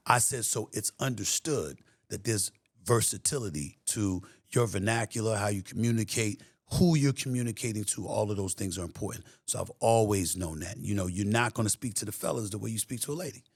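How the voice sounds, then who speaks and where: A man's voice: lowish voice, brisk, hardly any pauses, husky, no room sound, clean studio sound. A middle-aged man with a New York accent, a guest talking in an emphatic, streetwise way in a casual interview. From New York City.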